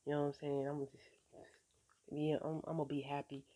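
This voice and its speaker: A woman vlogger with a low, level, dark voice talks at a quick pace in a casual, faith-filled vlog. Laid-back and streetwise, she swears casually, encourages her viewers, and keeps saying "you know what I'm saying."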